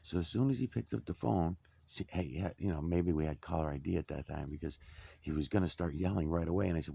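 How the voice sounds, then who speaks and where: A middle-aged man casually telling a personal story, swearing a lot and getting animated. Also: sits low, quick pace, creaky, breathy edge. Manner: profane, animated, indignant.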